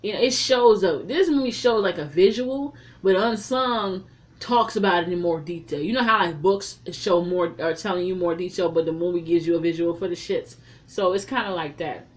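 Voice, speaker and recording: A woman reviewing a film in a casual, profane recap, telling the story in an animated way with heavy slang. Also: on the low side, moderate pace.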